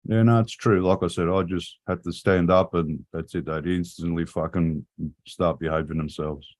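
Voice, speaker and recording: A man's voice: low voice, steady tone, moderate pace, a little mellow. A father, laid-back and chuckling in casual chat.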